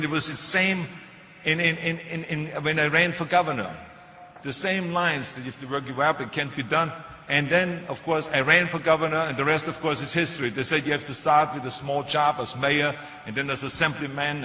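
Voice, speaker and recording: An older man with a German accent speaks to a crowd in a large hall. His voice is fairly high, bright and forceful, and he keeps a joking, anecdotal tone. The sound is dull and rings with long hall reverb. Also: a little hiss or hum. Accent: German-accented English. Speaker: motivational speaker. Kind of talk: public speech.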